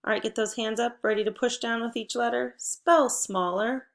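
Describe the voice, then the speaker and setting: Gravelly-voiced woman teaching phonics. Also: on the high side, steady tone, moderate pace. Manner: encouraging, patient, clear prompting. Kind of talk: phonics lesson for young children.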